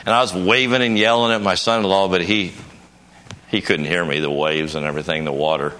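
Low-voiced older man preaching. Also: steady tone, fairly quick, sharp tone, a little hiss or hum. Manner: folksy storytelling, rising to emphatic bursts. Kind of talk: conference sermon.

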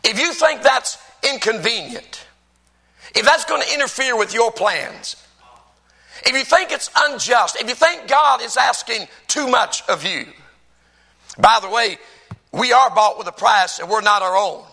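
A man's voice: very high voice, lively intonation, unhurried, sharp tone, poor audio. A man preaching a sermon as pastor, stressing and repeating key phrases.

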